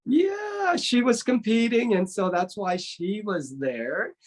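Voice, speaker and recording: Animated middle-aged man telling a story. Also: high voice, measured pace. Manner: animated, acts out quoted voices, often ends with "right?". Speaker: martial arts instructor, interview guest. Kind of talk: storytelling in a casual interview.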